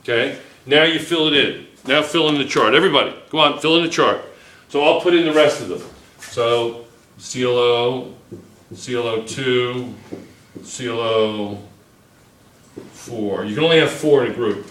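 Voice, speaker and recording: A man's voice: mid-range voice, moderate pace, long pauses, a bit bright, a little hiss or hum. A man teaching a chemistry class, thinking aloud at the board, correcting himself and checking in with the students again and again. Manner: checks in constantly with "okay?", restarts and self-corrects. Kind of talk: classroom lecture at a whiteboard. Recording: echoey classroom, recorded from a distance.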